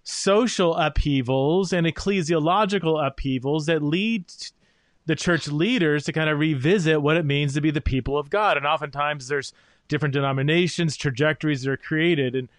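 Male podcast host, reflective, slightly high voice, dry close sound. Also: normal speed, no room sound. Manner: thoughtful, many fillers and restarts. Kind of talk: interview conversation.

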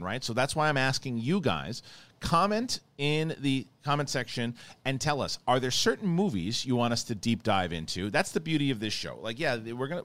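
A man's voice: mid-range voice, a bit bright, no room sound. A man hosting a podcast, chatting casually and rambling with many restarts and repeated words. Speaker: podcast host. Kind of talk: casual chat.

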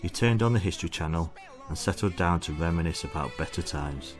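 Man, deep low voice, mock-solemn, comic story reading. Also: brisk, over music. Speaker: guest reader.

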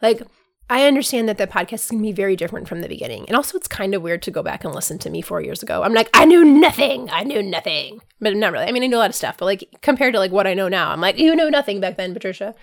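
A woman's voice: medium pitch, lively intonation, racing, vocal fry, no room sound, studio quality. A woman hosting her own podcast in a casual, earnest monologue, her voice worn from being sick, filling her talk with "like" constantly. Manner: earnest, chatty, fills with "like" constantly. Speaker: podcast host.

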